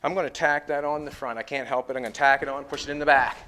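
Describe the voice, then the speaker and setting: A man's voice: mid-range voice, fairly even intonation, fast, pushed and bright, a little hiss or hum. A middle-aged man building a car in his garage, rambling and thinking aloud to the camera as he fits and tacks metal. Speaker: car builder and show host. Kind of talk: casual shop talk while working. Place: garage workshop.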